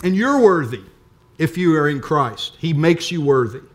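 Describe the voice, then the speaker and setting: A man's voice: fairly high pitch, big pitch swings, normal speed. An older man preaching a sermon as pastor, earnest and emphatic, with repeated phrases.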